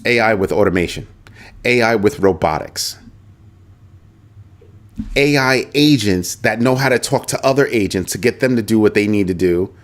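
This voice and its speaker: A middle-aged man hosting a casual livestream, animated and chatty, talking straight to his viewers and often repeating himself. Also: fairly low pitch. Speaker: host of a crypto livestream.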